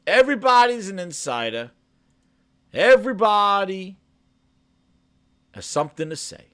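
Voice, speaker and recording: A man hosting a casual gaming podcast, talking with mock-dramatic, sarcastic hype, stammering and trailing off quietly. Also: high-pitched, big pitch swings, a little slow, clear, resonant tone, dry recording, clean studio sound. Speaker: podcast host.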